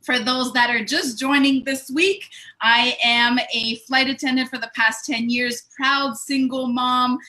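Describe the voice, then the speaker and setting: A bright, lively woman hosts a casual online talk show over a video call. She sits a touch higher than most women and talks with bubbly enthusiasm, breaking into laughter. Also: measured pace. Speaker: host. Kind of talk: casual live video chat.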